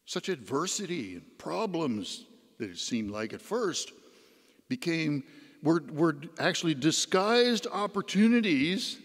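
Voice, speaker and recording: In a church, a deacon gives a homily as a folksy personal story, his voice rising and falling. His voice is medium-pitched, a bit bright with a breathy edge, and the recording carries long church reverb.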